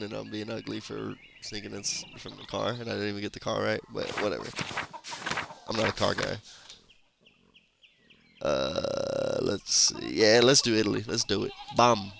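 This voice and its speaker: A man's voice: on the low side, normal speed, creaky, a bit bright. A man giving loose, casual gameplay commentary, laughing often and swearing freely. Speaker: gameplay streamer. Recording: noisy background under the voice.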